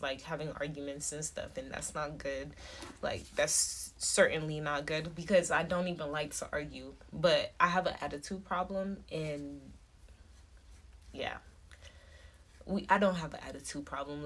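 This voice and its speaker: A woman's voice: sits low, a bit bright, slight background noise. A woman vlogger talking casually to her phone camera, rambling with many fillers and restarts.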